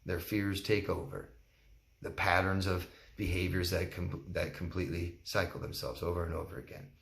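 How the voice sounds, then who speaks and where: A man's voice: low voice, flat delivery, normal speed, gravelly, a bit bright, reverberant. A man, a relationship coach, answering viewer questions in a candid, plain-spoken way and acting out quotes. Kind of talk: solo Q&A talk to camera.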